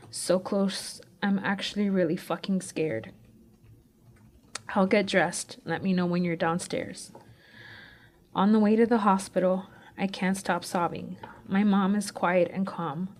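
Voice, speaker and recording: A woman's voice: mid-range voice, a little mellow. Woman reading a raw confessional memoir. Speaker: student reading her personal essay. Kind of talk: first-person memoir reading.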